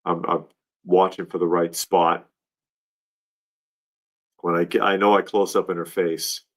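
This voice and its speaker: A man's voice: deep voice, flat delivery, a little slow. A man hosting a casual livestream, rambling and heartfelt as he talks, often restarting his sentences. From Georgia, US. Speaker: livestream host.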